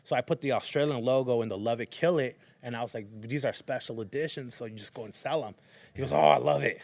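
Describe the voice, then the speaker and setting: A man's voice: medium pitch, quick pace, no room sound. A man in his thirties hosting a podcast, telling a long story in casual chat, acting out quotes and saying "bro" a lot. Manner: animated, acts out quotes, says bro a lot. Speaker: podcast host.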